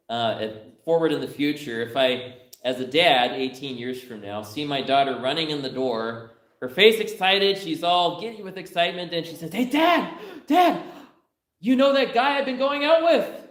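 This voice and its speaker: A man's voice: mid-range voice, fairly bright tone. A young man preaching a sermon in a church, conversational and humorous, telling stories and laughing along. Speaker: pastor. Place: church sanctuary. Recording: roomy church hall.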